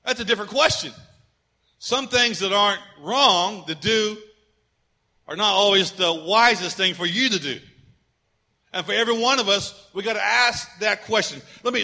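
High bright-voiced preacher man. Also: normal speed. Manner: conversational preaching with humorous personal stories; dynamic, swings between loud emphasis and quiet asides. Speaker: pastor. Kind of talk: sermon.

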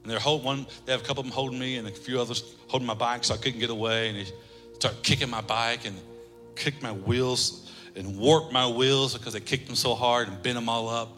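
A male pastor preaching a sermon, telling a humorous story in an animated way in a church. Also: mid-range voice, fairly quick. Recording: reverberant church hall, faint music.

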